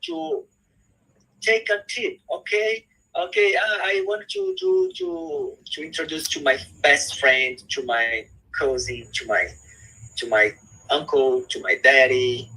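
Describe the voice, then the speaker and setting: A man speaking as a psychologist guest on a live chat, talking in halting English with many repeats and restarts. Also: fairly high pitch, sing-song, gravelly, bright, forceful tone, rough recording.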